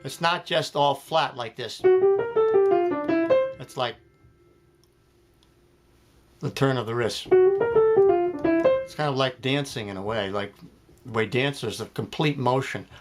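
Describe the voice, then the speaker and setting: A man's voice: medium pitch, slow pace, pauses often. A man giving a jazz piano lesson, explaining phrasing step by step and counting beats aloud. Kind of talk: spoken music lesson. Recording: loud piano playing behind the voice.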